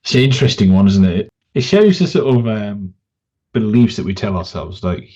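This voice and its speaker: A man's voice: fairly low pitch, lively intonation, normal speed, a little mellow, breathy edge. A man hosting a podcast who asks long, rambling questions with a hesitant, easygoing manner. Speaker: podcast host. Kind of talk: conversational interviewing. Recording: dull lo-fi sound.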